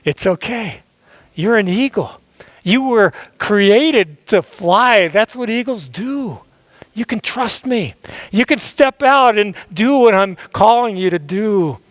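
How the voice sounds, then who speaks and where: A man's voice: high voice, expressive, slow pace, fairly bright tone, dry recording, heavily acted. A man voicing a patient mother eagle who coaxes and reassures her chick. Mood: reassuring. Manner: coaxing, reassuring.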